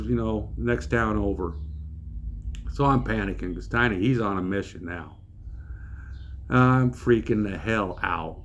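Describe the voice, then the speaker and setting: Animated, folksy male storyteller. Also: on the low side, muffled recording. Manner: animated, folksy and joking, with swearing. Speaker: channel host telling a story. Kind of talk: casual storytelling to camera.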